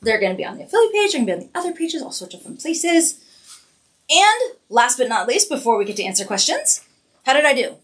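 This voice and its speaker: A woman's voice: sits high, sing-song, fast talker. Chatty woman hosting a live stream. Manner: chatty, laughs easily. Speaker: cosmetics live-stream host. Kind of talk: casual live-stream chat.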